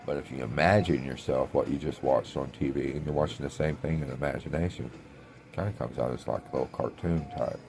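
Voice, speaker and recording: A man talking in a meandering spiritual monologue, trailing off with many pauses, as a self-described clairvoyant. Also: rumbling low, creaky, dark tone.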